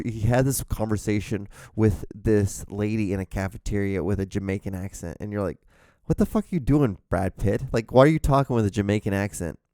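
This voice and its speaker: Young man, host, low dark voice, tired and fading, rambling with fillers, profane, dry close room. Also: no echo. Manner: rambling, profane, self-deprecating, lots of fillers and restarts. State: tired, voice going out. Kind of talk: casual solo rambling.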